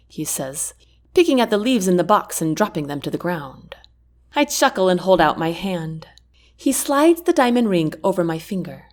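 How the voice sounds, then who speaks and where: A woman reading a first-person romance audiobook in an expressive storytelling manner. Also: fairly low pitch, moderate pace. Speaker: audiobook narrator.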